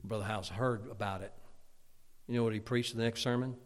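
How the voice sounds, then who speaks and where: A man preaching a fiery sermon as pastor, loud and emphatic, with stammered restarts. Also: lowish voice, fairly even intonation, fairly quick. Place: church sanctuary. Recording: long church reverb.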